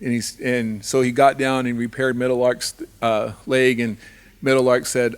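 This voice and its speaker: A man's voice: mid-range voice, flat delivery, moderate pace, clean tone. A man telling a traditional animal story live, in a repetitive rhythmic way with restarts. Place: live fundraiser event.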